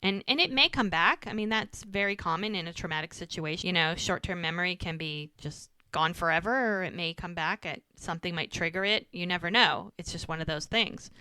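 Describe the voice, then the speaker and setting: Bright-voiced woman recapping a show. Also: lowish voice, a little fast, hardly any pauses, clear, resonant tone, no echo. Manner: animated retelling, acting out characters' lines. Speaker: podcast co-host recapping episodes. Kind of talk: casual chat.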